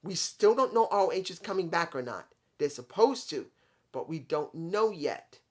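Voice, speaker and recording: A man's voice: fairly high pitch, lively intonation, moderate pace. A man giving a casual, rambling spoken review of a wrestling show, talking straight to his viewers.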